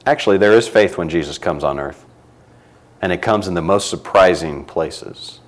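A man preaching a sermon, reading scripture aloud and swinging between loud emphatic lines and quiet low ones. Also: moderate pace, rough recording.

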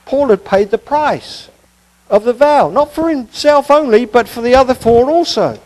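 A man's voice: extremely high pitch, moderate pace, a little mellow, poor audio. A male preacher giving a conversational expository sermon, with casual asides and rhetorical questions.

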